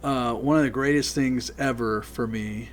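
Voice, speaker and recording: Lively, laughing male storyteller. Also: medium pitch, moderate pace, slight background noise. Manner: animated, laughs through his stories and acts out quoted lines. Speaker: guest, line producer. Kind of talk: casual anecdotal storytelling.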